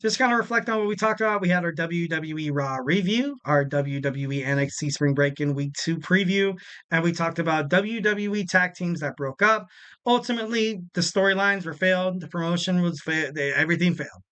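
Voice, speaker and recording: A man's voice: sits high, a little fast, sharp tone, clear, resonant tone. A man in his twenties hosting a wrestling podcast in a casual, rambling way, often repeating phrases for emphasis. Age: 20s.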